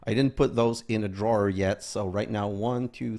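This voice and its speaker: Gravelly man narrating his modded gameplay. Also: lowish voice, expressive, normal speed, few pauses, dark tone. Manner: thinks aloud, counts items under his breath. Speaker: gaming video host. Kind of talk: casual game commentary.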